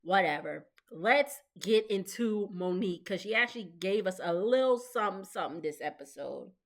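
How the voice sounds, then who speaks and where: A woman's voice: medium pitch, lively intonation, moderate pace. A woman in her thirties chatting casually as she recaps a reality show, gossiping, laughing often and mimicking the people she talks about. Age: 30s. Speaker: recap vlogger.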